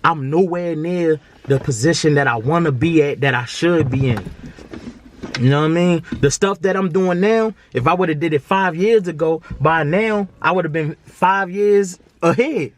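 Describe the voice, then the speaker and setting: With a slightly high voice at a moderate pace, this twentysomething vlogger from Baltimore talks straight to the camera in a casual, heartfelt monologue. He comes across as earnest and preachy, slangy and repetitive, and there's a little background noise.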